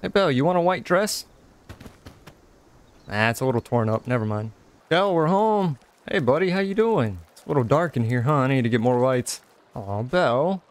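A young man giving casual let's-play commentary, excitable, exclaiming and chatting to an in-game companion. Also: medium pitch, a little hiss or hum. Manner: excitable, talks to companion character, frequent laughs and exclamations. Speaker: gaming channel host.

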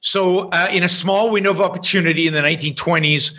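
A man as an interview guest, telling an anecdote in a lively way and often restarting his sentences. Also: high voice, quick pace. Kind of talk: explaining and storytelling in conversation.

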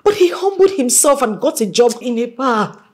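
A headstrong young daughter in a film drama, arguing and pleading with raw emotion. Her breathy, fairly high voice rises and falls over a wide range. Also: big pitch swings, moderate pace, a little mellow. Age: young adult.

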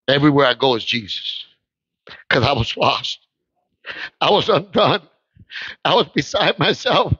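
Fiery preacher man, bright and high. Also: sing-song, unhurried, long pauses, slightly rough, dry recording. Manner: impassioned, swings into shouts. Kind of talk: sermon with storytelling. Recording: muffled lo-fi livestream audio.

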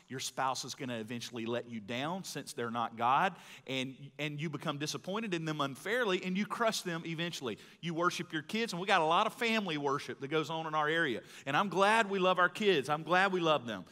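A man preaches live to his congregation, his voice bright and fairly high. He tells folksy stories, swinging from loud bursts to hushed asides, and the hall rings with long reverb. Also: expressive, a little fast, hardly any pauses. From Mississippi, US. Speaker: pastor. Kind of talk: sermon. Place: large church hall.

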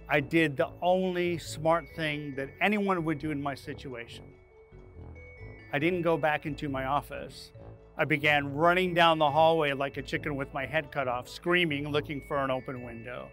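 A man hosting his own leadership channel, telling a dramatic personal story to camera in an animated way, acting out his own panicked lines. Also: fairly high pitch, moderate pace, faint music behind. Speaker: leadership speaker and channel host.

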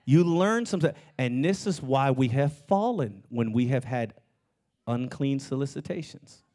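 A man preaching a sermon as pastor of his church, with animated delivery that climbs into shouts. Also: mid-range voice, measured pace. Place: church sanctuary.

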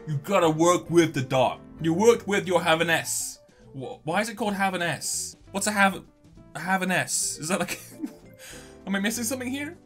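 A young man giving sarcastic, animated commentary while playing a life-simulator game and reading its text aloud. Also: fairly high pitch. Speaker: gaming YouTuber. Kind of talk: casual let's-play commentary.

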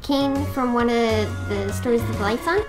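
A shy young deer girl talks timidly and politely, as a woman reads her lines in a game. The voice is high and soft-edged. She sounds eager to please. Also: a little slow, music in the background, lightly acted.

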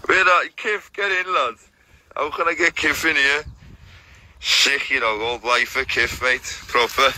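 Bright-voiced man, stream host, loose slangy banter. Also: medium pitch, fairly even intonation, no room sound, low-quality recording. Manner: rapid slangy banter full of restarts. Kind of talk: casual chat on a live stream.

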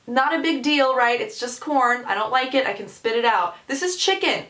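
Sarcastic woman vlogger, echoey room. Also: fairly high pitch. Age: 20s. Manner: animated, sarcastic storytelling. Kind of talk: storytime vlog.

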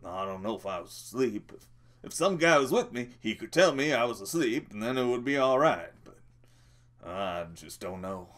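A man's voice: medium pitch, lively intonation, normal speed, fairly bright tone, natural voice. A man doing a lonely, brooding old stable hand. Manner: drawling, stammered rural speech.

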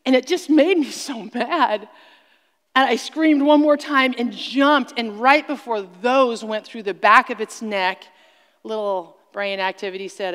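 A woman's voice: mid-range voice, unhurried, a bit bright, clear, resonant tone. A woman speaker telling a dramatic story and preaching on stage, with emphatic exclamations, heard through a stage sound system in a large hall. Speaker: conference speaker. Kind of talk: sermon-like storytelling talk. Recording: long reverb of a large hall.

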